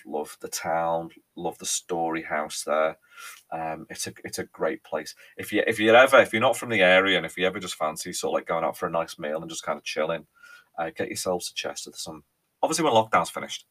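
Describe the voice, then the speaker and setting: A man's voice: deep voice, a bit bright. A man in his thirties with a Merseyside accent, hosting a casual solo podcast and chatting in a rambling way full of ums and restarts. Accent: Merseyside with a faint Cheshire lilt. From Ellesmere Port, England. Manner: chatty and rambling, with frequent ums and repeated words. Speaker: podcast host.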